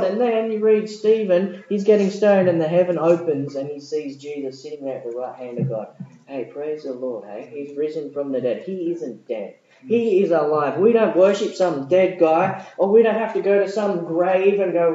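A man preaching a sermon, swinging between loud exclamations and hushed asides. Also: high-pitched, lively intonation, normal speed. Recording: dull echoey room recording.

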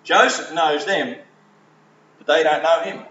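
High-voiced man preaching in an echoey hall. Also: unhurried, pushed and bright, far from the mic, muffled recording, a little hiss or hum. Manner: conversational storytelling, acts out quoted voices. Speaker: preacher and school teacher. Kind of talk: sermon.

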